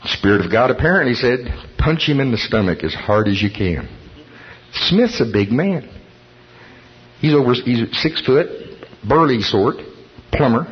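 A man preaching a sermon, telling a story with animated delivery, chuckling and acting out the voices of people in it. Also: mid-range voice, normal speed. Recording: dull lo-fi sermon recording.

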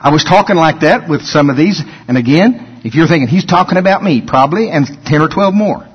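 A man preaching a sermon as a pastor, building up to shouted emphasis. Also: on the high side, expressive, brisk, slightly rough, in a large hall, muffled recording.

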